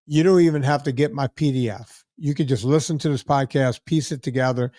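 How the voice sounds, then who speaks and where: A man's voice: medium pitch, a little fast, dark tone, no room sound, clean studio sound. A man with a Louisiana accent hosting a podcast, talking bluntly and chattily and repeating his points for emphasis. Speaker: podcast host. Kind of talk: casual podcast chat.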